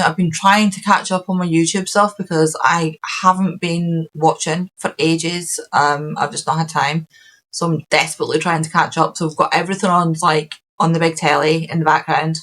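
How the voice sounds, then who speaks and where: A woman's voice: sits low, low-quality recording. A Scottish woman hosting a podcast, chatting casually and rambling with lots of ums and restarts. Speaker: podcast host. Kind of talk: casual chat.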